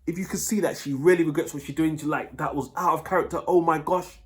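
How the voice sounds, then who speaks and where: A man's voice: a little high, fairly even intonation, fast talker. Blunt British man giving dating advice. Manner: blunt, swears freely, keeps checking in with "yeah?". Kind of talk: casual advice monologue.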